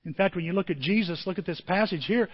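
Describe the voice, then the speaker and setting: A man pastor preaching a sermon with emotion, his voice moving from quiet and tender to loud and emphatic. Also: high-pitched, fast, slightly rough, in a large hall, muffled recording. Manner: emotional, swings from soft to emphatic.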